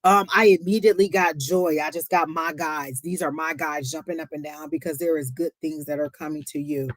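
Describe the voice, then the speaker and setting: A woman giving a live psychic reading, emotional and close to tears, warmly encouraging the viewer and calling her honey. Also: deep voice, fairly even intonation, brisk, no room sound. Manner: talks to the chat as y'all. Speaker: psychic reader on a live stream.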